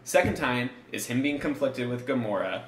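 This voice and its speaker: A man's voice: medium pitch, expressive, moderate pace. A man co-hosting a casual podcast, talking animatedly and laughing often. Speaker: podcast co-host. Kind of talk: casual chat. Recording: roomy echoey room.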